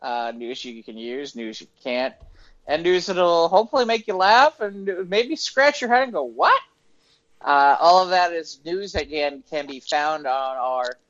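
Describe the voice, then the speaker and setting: A man's voice: fairly high pitch, fairly bright tone, dry recording, highs cut off. A man hosting a casual comedy news podcast, playful with announcer flourishes and rambling restarts. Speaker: podcast host.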